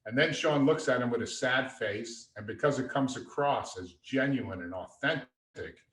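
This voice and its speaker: A man telling stories as a guest in a podcast interview, lively and anecdotal. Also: mid-range voice, normal speed. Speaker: guest, father and entrepreneur. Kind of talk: conversational storytelling. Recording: echoey room, distant mic.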